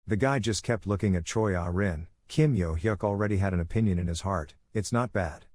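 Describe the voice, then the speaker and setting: A man narrating a comic story recap in a steady, even scripted reading. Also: low voice, a little fast, no room sound, studio quality.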